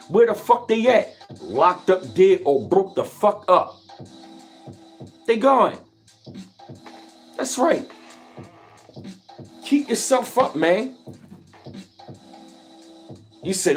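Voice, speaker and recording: Man, boastful vlog rant, high voice, swinging pitch, faint music behind. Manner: boastful, animated street talk with repeated slang. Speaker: vlogger. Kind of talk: casual vlog monologue.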